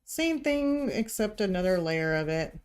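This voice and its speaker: A woman's voice: mid-range voice, sing-song, unhurried, darkish tone, smooth. A woman from Missouri with a light Missouri accent, chatting through a live painting tutorial as she works. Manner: chatty, thinking aloud while working. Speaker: art instructor. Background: heater hum.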